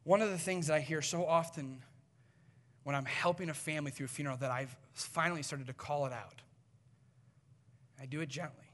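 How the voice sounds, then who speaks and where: A male pastor with a high, bright, ringing voice delivers a sermon. He swings from loud, urgent appeals down to hushed, near-whispered lines. He acts out small quoted exchanges as he goes. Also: fairly even intonation, brisk, pauses often.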